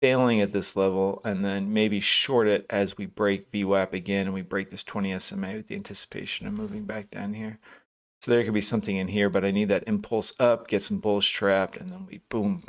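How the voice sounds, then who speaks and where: This man's voice sits fairly low, with a level tone and a brisk pace. He hosts a live day trading stream, thinking aloud over charts hesitantly, full of fillers, restarts and self-corrections, and he greets chat viewers by name in casual market commentary.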